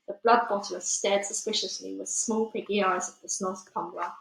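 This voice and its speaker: A woman reading a children's book aloud in a steady, expressive way with small slips. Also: mid-range voice, normal speed, creaky, a little hiss or hum. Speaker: reader. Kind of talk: storybook read-aloud. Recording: echoey room.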